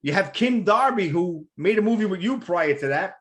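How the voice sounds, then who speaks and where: Excitable talk-show host, high voice. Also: male voice, normal speed. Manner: excited, rambling, repeats words. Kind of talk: enthusiastic casual interview.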